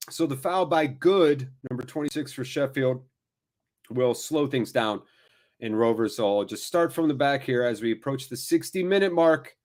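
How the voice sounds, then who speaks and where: A man's voice: medium pitch, darkish tone. A man hosting a live watchalong, giving casual, jokey play-by-play with rambling asides. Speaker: watchalong host. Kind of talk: casual live match commentary.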